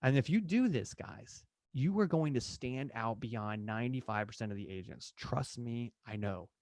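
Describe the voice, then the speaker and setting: Man, real estate coach, lively acted-out dialogue, mid-pitched voice, dry room. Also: moderate pace, dry recording. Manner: energetic, acts out client and agent dialogue. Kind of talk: live online training session.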